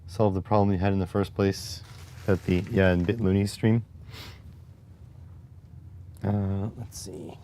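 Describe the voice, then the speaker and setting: A man with a low, deep voice hosts a relaxed livestream. He rambles in a wry, conversational way and answers his chat as he goes. Faint background noise sits under his voice. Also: brisk. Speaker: livestream host.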